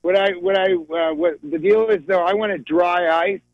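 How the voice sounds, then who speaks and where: A man's voice: high voice, fairly even intonation, moderate pace. A male comedian calling in to a radio show, giddy and rambling, laughing through his jokes over a muffled phone line. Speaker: comedian guest.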